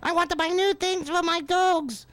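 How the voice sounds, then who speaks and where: A man playing the shrill, greedy wife of a rock star, scolding and demanding money in a high squealing voice. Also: steady tone, normal speed, a bit bright, no echo.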